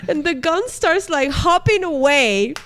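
A woman's voice: sits high, measured pace. A woman co-hosting a podcast, casually retelling a cartoon episode's plot, with lots of "like" and "uh". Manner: relaxed storyteller, full of fillers like "like" and "uh". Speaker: podcast co-host.

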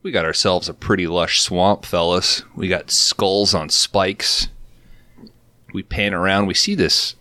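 A podcast co-host with a low voice recaps a show in casual, profane chat, unhurried and with no room sound. He tells stories and animates them with quoted lines.

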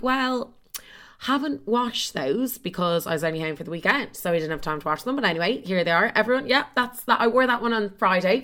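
A woman's voice: mid-range voice, fairly bright tone. Chatty, foul-mouthed young Irish woman. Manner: chatty, swears a lot, self-mocking and dramatic. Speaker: podcast host. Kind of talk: casual solo podcast storytelling.

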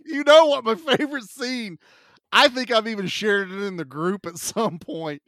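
A podcast co-host with a high voice animatedly retells scenes on a casual movie podcast, quoting them and laughing as he goes. He speaks at a moderate pace, and the studio sound is clean with no echo.

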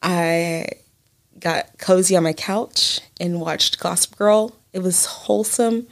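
A woman's voice: fairly low pitch, takes it slowly, vocal fry. A young woman in her twenties co-hosting a podcast in casual chat, laughing through her stories and swearing casually. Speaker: podcast co-host.

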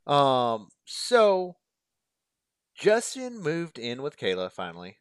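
Very low-voiced, blunt woman co-host. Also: wildly swooping pitch, clear, resonant tone, no room sound. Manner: blunt, grossed-out quips, quick dry humor. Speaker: podcast co-host. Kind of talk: casual chat.

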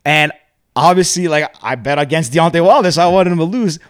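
Fast-talking man telling a story. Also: on the high side, dry recording, studio quality. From Canada. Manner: animated storyteller. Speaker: podcast host. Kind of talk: casual podcast chat.

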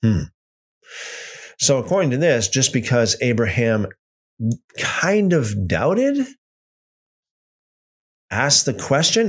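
A man reading and explaining Bible passages in a casual study session. His pitch sits in the middle but swings widely, and he often repeats himself for emphasis. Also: slow pace, pauses often, husky. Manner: animated, repeats phrases for emphasis.

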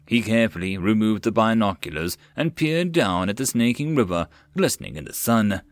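Expressive man reading an audiobook. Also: on the low side, dry recording, clean studio sound. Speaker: audiobook narrator. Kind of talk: reading a web novel aloud.

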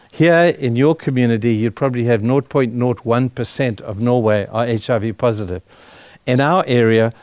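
A man's voice: medium pitch, a little mellow, no room sound. A middle-aged man, a pastor, giving a sermon as a personal testimony, speaking earnestly and with feeling, often breaking off and restarting his sentences. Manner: earnest, emotional storytelling with halting restarts.

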